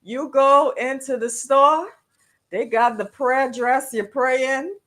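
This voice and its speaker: A woman with a high voice tells her stories in an unhurried way. She chats casually, acts out the people she quotes and often laughs mid-story. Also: fairly bright tone.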